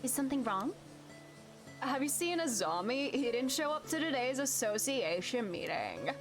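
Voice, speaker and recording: Girl doing a polite earnest young guy, lowered and slow, music behind. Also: very animated. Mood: concerned. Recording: game music under the voice. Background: game music.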